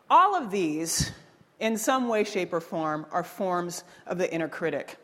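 A woman giving an energetic workshop talk, quizzing the audience and preaching her ideas. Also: fairly low pitch, a little slow, big-room sound. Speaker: workshop speaker.

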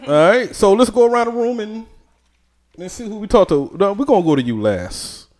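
Animated joking man hosting a stream. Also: high-pitched, fairly quick. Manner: loud, joking, profane banter. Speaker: host. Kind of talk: casual live-stream chat.

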